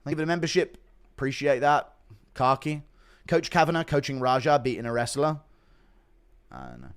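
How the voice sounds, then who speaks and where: Animated man live-streaming. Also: mid-range voice, normal speed, long pauses, clear, resonant tone. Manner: animated, swears casually, reads donations aloud. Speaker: livestreamer reading chat. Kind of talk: casual livestream chat.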